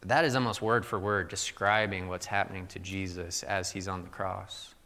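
A man's voice: low voice, steady tone, moderate pace, pushed and bright, big-room sound. A young adult man from Missouri giving a sermon in a loose, conversational storytelling way, full of "like" fillers. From Missouri, USA. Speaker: pastor.

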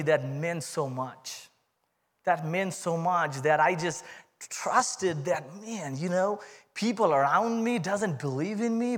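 A man with an Indian accent giving a humorous, animated testimony sermon to a church congregation. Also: fairly high pitch. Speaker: guest speaker giving testimony.

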